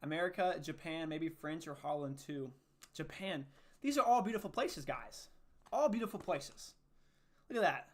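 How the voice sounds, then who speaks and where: On his casual faith livestream, the young host sounds breathless from push-ups while he reads and replies to viewers' comments in an upbeat, chatty way. His voice is a little high and fairly bright, with lively intonation and an ordinary pace.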